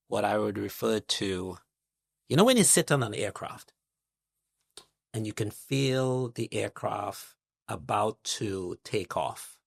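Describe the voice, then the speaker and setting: A middle-aged man from Trinidad, a guest investor speaking in a measured, reflective interview manner, building his points with analogies and lists. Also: on the low side, creaky, dry recording, clean studio sound.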